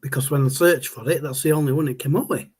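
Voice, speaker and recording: A man's voice: fairly high pitch, fairly even intonation, fast, darkish tone, breathy edge. A man, hosting a casual livestream and rambling as he answers viewer chat. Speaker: livestream host.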